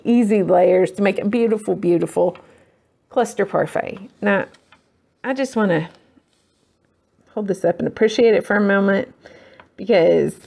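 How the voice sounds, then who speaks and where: A woman's voice: mid-range voice, gravelly, darkish tone. A woman hosting a casual crafting tutorial, rambling and self-deprecating as she works. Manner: rambling, self-deprecating, talks while working.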